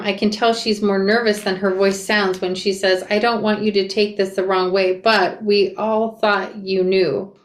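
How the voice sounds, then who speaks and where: A young woman reading a memoir aloud and reacting to it, expressive and flustered as she re-enacts the narrator. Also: medium pitch. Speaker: reader and reaction creator. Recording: echoey room.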